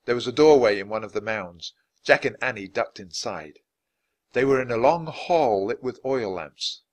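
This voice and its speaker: A man narrating a children's storybook aloud, expressive and switching voices for each character. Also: medium pitch, moderate pace. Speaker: audiobook reader.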